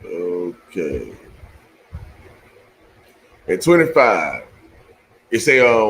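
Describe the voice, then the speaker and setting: A man hosting a show, reading scripture slowly and haltingly, then talking it over loosely and with swearing. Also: lowish voice, sing-song, a bit bright, low-quality recording. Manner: reads verses slowly and haltingly, then talks loosely and profanely. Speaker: show host. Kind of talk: casual scripture reading with commentary.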